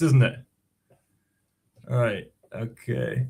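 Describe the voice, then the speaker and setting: A man's voice: medium pitch, fairly even intonation, a little slow, long pauses, mellow. A man hosting a casual livestream, chatting to viewers in a rambling way with many ums and restarts. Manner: rambling, hesitant, lots of fillers and restarts. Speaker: livestream host. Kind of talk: casual livestream chat reading comments.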